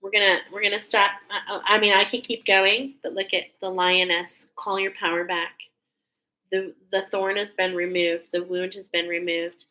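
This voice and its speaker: A woman reads cards live for her viewers and describes the images she sees in vivid, heartfelt terms. Her voice is bright and forward, and her delivery is emotional and effusive. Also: mid-range voice, little pitch movement, normal speed, rough recording. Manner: emotional, gushing, speaks in images. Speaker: intuitive card reader. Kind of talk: live spiritual card reading. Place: live stream at home.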